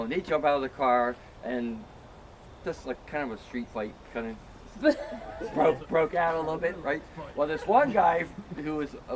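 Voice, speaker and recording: Middle-aged guy rambling through an old story, lots of um and you know, a bit higher voice than most guys, faint hiss behind. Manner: rambling, filler-heavy, self-mocking. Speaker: storyteller among friends. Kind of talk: casual anecdote.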